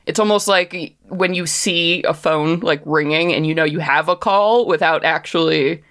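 A woman's voice: sits low, moderate pace, fairly bright tone. A woman narrating a tabletop game as game master, chatty and hesitant, with many fillers.

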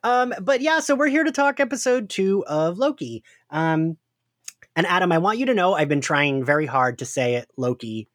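A man's voice: high-pitched, normal speed, dry recording, clean studio sound. A man hosting a podcast, chatting casually and animatedly with many fillers. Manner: animated, lots of "like". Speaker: podcast host. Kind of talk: casual chat.

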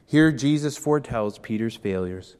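A man preaching a sermon as pastor, animated and acting out the speakers in the scripture passage. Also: mid-range voice, moderate pace, clean tone, in a large hall.

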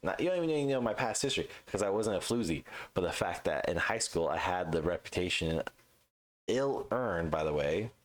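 A man with a very low voice co-hosting a casual podcast chat. He rants with plenty of swearing and jumps into quick impressions of the people he quotes. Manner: profane, ranting, acts out quoted voices. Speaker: podcast co-host.

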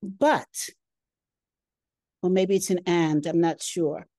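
A woman's voice: fairly low pitch, fairly even intonation, mellow, dry recording. A woman hosting a podcast, speaking thoughtfully and with feeling as she reflects on her guest's story. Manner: slow, thoughtful, emotional. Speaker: podcast host. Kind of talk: reflective interview talk.

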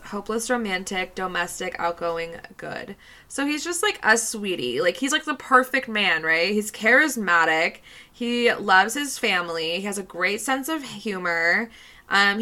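Slow, bright-voiced young woman. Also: mid-range voice. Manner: laid-back, giggly, swears casually. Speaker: podcast co-host. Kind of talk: casual podcast chat.

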